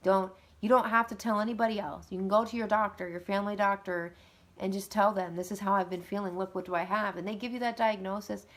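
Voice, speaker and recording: A woman, likely in her thirties, talking earnestly and conversationally about parenting and getting help, with lively emphasis. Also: mid-range voice, quick pace. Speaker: mother of two. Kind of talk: casual advice talk.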